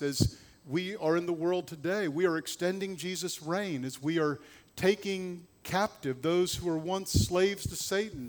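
A male pastor delivering a sermon in a slightly higher voice. He swings from loud, emphatic bursts down to low, hushed stretches.

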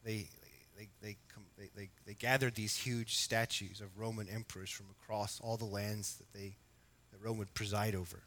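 A man preaching an expository sermon, emphatic at times and quiet at others, asking his congregation questions. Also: lowish voice, flat delivery, normal speed. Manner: emphatic, rising to loud exhortation, then quiet and reflective. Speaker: pastor.

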